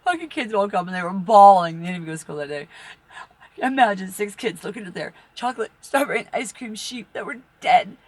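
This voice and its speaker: A woman's voice: medium pitch, lively intonation, brisk, dry recording. A middle-aged woman telling rambling personal stories, swearing freely and laughing at her own misfortunes. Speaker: tarot reader and channel host.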